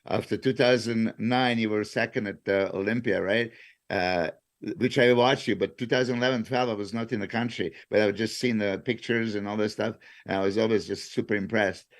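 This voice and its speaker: A man's voice: on the low side, steady tone, brisk. A man co-hosting a podcast, talking casually and restarting his words. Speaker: podcast co-host. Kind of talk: casual chat.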